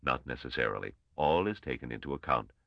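A man voicing a shrewd, brisk old male mathematician who speaks in clipped, testing commands. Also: very deep voice, lively intonation, creaky, dry recording, highs cut off, full character voice. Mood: matter-of-fact.

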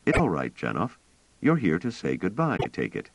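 A man voicing a blunt, direct younger man who is impatient but trying to stay calm. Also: low-pitched, moderate pace, no echo, exaggerated voice. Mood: wry. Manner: direct, terse.

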